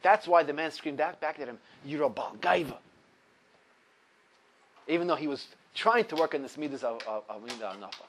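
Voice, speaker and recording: A man teaching a religious ethics lesson, telling a story animatedly with big swings between loud and soft. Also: a little high, expressive, fast, hardly any pauses, a little hiss or hum. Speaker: Torah teacher.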